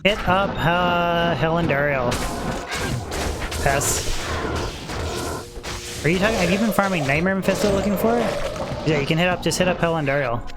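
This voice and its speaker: A man's voice: high-pitched, moderate pace, pauses often. A man streaming a game, casually explaining his gear and chatting with viewers. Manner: chatty, explains gear, reads chat aloud. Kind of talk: casual live-stream commentary. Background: loud background music.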